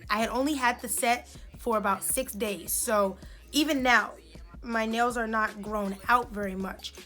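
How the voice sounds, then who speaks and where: A young woman in her twenties, a beauty vlogger telling an indignant, animated story while doing her makeup. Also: fairly high pitch.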